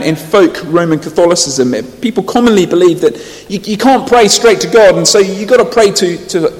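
A man preaches in a church, his slightly high voice carried by a long hall reverb. He tells stories earnestly and builds to loud, emphatic peaks before dropping low and quiet. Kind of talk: sermon.

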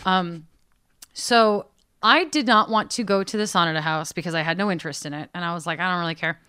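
A woman casually telling a lively travel story in conversation, self-mocking and full of fillers. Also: lowish voice, fairly quick, clear, resonant tone.

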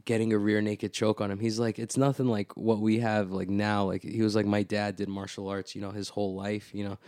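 Lowish male voice telling a story, dry. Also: brisk, no echo. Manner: animated storyteller, heavy "like", frequent swearing. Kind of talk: casual storytelling chat.

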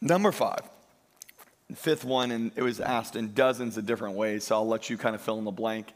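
A man preaching a sermon as pastor, emphatic, slowing and lifting his voice on key lines. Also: fairly low pitch, fairly even intonation. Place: church.

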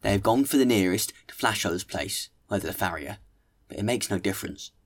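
A man's voice: fairly low pitch, brisk. A man voicing a peasant who answers in a blunt, matter-of-fact way. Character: plain male peasant, blunt and resigned.

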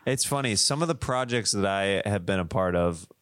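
A man's voice: fairly low pitch, animated, moderate pace, fairly bright tone, dry recording, studio quality. A man hosting a casual chat, joking and chiming in with silly bits.

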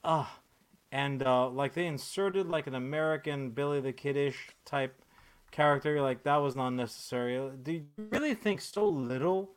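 A man's voice: medium pitch, moderate pace, clear, resonant tone, faint music behind. A man hosting a podcast in casual chat, ranting with lots of swearing and filler words. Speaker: podcast host.

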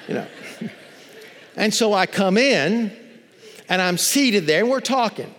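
In a large hall serving as a church sanctuary, a pastor with a high, expressive, fairly bright voice preaches. He lingers on key words and builds emphatically, repeating phrases as his intensity rises.

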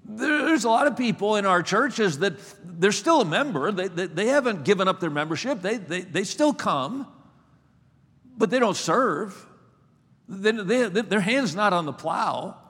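A man's voice: high-pitched, expressive, a bit bright, breathy edge. Man preaching in a big echoey hall. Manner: repeats words when starting sentences, slow emphatic delivery. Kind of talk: sermon.

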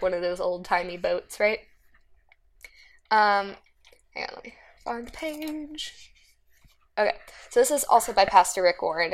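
A woman giving an informal Bible talk, rambling and chatty, often checking in with "right?". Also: mid-range voice. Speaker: Bible study speaker. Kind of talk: casual Bible teaching.

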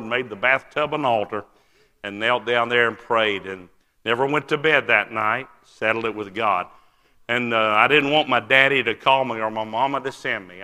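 Bright-voiced older preacher. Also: male voice, fairly low pitch, clean tone. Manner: earnest storytelling with frequent "uh" pauses. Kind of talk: testimony sermon. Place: large church sanctuary. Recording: long church-hall reverb.

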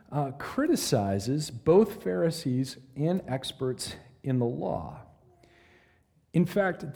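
Male Bible teacher, mellow voice on the higher side, lively delivery, big reverberant hall. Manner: animated, asks listeners questions, reads verses dramatically. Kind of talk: conversational Bible lesson.

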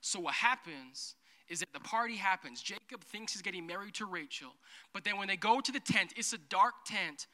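A man preaching a humorous sermon as a pastor, playful and jokey, acting out characters in quick asides. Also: sits high, animated, sharp tone. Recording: long hall reverb.

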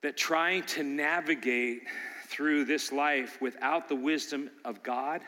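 An older male pastor preaching with lively swings from loud urging to quiet storytelling. His voice is high and bright, and it rings out with the long reverb of a large hall. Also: slow. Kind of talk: sermon.

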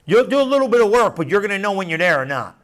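A man's voice: high voice, rapid-fire. A man preaching a casual Bible teaching, talking straight to his listeners and acting out scenes in everyday slang. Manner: animated, conversational, acts out Bible scenes in slang.

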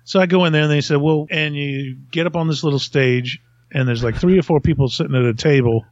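A man's voice: fairly high pitch, brisk, dry recording. Middle-aged male host, casual rambling storyteller who laughs at himself; dry, dull-sounding audio. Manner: rambling, self-mocking, laughs at own stories. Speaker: podcast host.

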